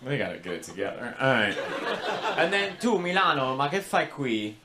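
A man's voice: medium pitch, very animated, normal speed. A man doing stand-up crowd work, teasing audience members and slipping into Italian and French. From Sicilian-Italian family, New York. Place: comedy club stage.

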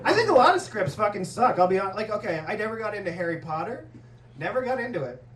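Lively profane male stand-up comic. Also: high voice, quick pace, a crowd in the background. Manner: storytelling, profane, self-mocking. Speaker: stand-up comedian. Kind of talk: stand-up comedy set. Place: comedy club stage. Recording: roomy club, distant mic, laughing audience.

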